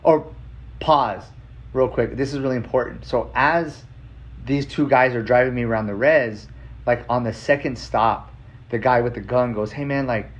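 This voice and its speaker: Male podcast host, mid-pitched, casual and profane storyteller, recorded with dull lo-fi audio. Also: steady tone, normal speed. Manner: loose and profane, with frequent "like" fillers.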